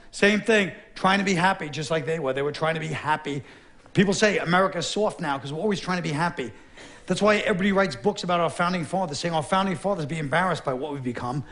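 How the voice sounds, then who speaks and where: A man's voice: sits high, a bit bright. A middle-aged man delivering a blunt, sardonic stand-up comedy monologue on a theater stage. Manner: sardonic, blunt, gruff delivery with quick asides. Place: theater stage with a live audience. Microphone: stage microphone.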